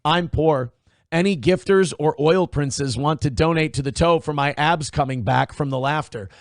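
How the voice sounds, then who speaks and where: A man hosting a casual livestream, reading out donations and chatting with viewers. His voice swings from hyped shouting to low muttering. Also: normal speed, no room sound, clean studio sound. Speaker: livestream host.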